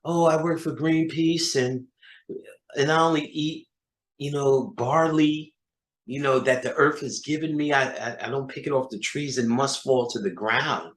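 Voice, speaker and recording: A man's voice: mid-range voice, a little slow, pitched above the performer's own voice, lightly acted. Man parodying a preachy do-gooder, earnest and stumbling, echoey room. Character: earnest, self-righteous eco-conscious do-gooder. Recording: roomy echo.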